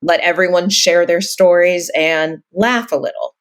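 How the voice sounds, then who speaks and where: Easygoing female podcast host, relaxed chat. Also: on the low side, measured pace. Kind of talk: casual chat.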